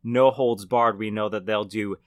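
Low-voiced man in casual podcast chat. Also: measured pace, no echo, clean studio sound. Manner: relaxed, analytical, frequent "like". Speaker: podcast co-host. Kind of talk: casual chat about horror films.

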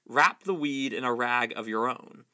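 A man's voice: mid-range voice, measured pace, sharp tone, no room sound, studio quality. A man reading aloud, voicing a plucky young male hobbit who speaks in a breezy, sometimes indignant way.

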